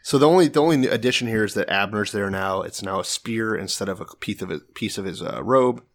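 A man's voice: fairly low pitch, lively intonation, a little fast. A man co-hosting a podcast, retelling Bible stories in a profane, jokey way and acting out the characters. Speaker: podcast co-host. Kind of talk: casual irreverent Bible commentary.

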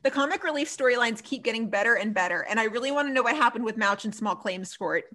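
Chatty higher-voiced woman recapping TV. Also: fast talker. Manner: animated, laughing, lots of "like" and "so funny". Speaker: podcast co-host. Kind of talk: casual chat recapping TV episodes.

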